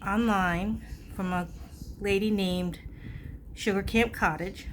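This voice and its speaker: Woman, chatty crafter, self-mocking, lively asides, mid-pitched voice, faint room hum. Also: takes it slowly. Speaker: crafter hosting a craft video. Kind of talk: casual crafting chat.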